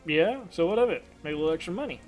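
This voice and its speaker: A man's voice: a little high, lively intonation, very fast, faint music behind, close to an everyday voice. A man doing a cocky, brash young woman. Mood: cocky, defiant. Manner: cocky, mocking, defiant. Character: brash rowdy young woman, back from the dead. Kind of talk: live tabletop role-play.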